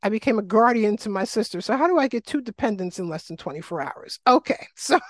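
A middle-aged woman from New York, a guest telling her life story in a casual interview, animated and full of fillers. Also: medium pitch, quick pace, no room sound. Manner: animated, acts out quoted voices, frequent fillers. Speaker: guest, wellness coach.

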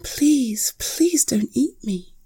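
Timid storybook bunny boy, put on by a woman, breathy and gravelly, whispered role-play. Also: mid-range voice, measured pace, warm tone, heavily acted. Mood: pleading. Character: small frightened young male bunny.

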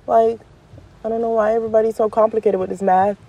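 Talking quickly on her own podcast, a woman rolls through a slangy, animated, casual monologue, leaping up in pitch to stress points and laughing along the way. The highs in the recording are cut off.

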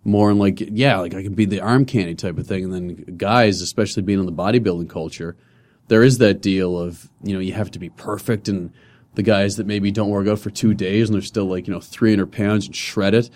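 A man's voice: lowish voice, steady tone, fairly quick, a little mellow. A man in his twenties, a comedian and personal trainer, chatting loosely as a podcast guest in a studio with many restarts and fillers. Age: 20s. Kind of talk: casual podcast conversation.

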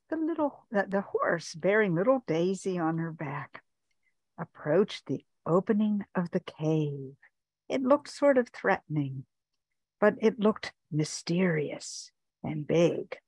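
Slow, animated woman storyteller. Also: mid-range voice, no room sound. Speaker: storytelling co-host. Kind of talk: improvised story narration.

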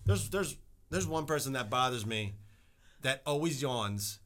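A man's voice: medium pitch, lively intonation, measured pace, a bit bright, faint music behind. A young man co-hosting a podcast, chatting loosely, joking and swearing freely. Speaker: podcast co-host. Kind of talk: casual chat.

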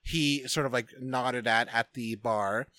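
A man's voice: medium pitch, steady tone, unhurried, pushed and bright, no echo. A man co-hosting a podcast, casually retelling a movie scene by scene, rambling and profane with lots of restarts and fillers. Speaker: podcast co-host recapping a film. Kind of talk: casual chat.

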